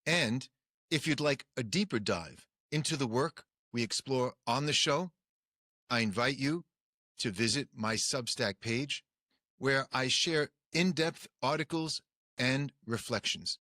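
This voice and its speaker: A man hosting a podcast, asking measured, reflective questions. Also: mid-range voice, sharp tone, no room sound, studio quality. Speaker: podcast host. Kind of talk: podcast interview.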